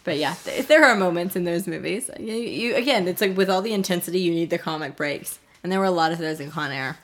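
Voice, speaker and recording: A woman co-hosting a film podcast, chatting casually with quick joking asides. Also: fairly low pitch, a bit bright. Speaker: podcast co-host. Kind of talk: casual chat about movies.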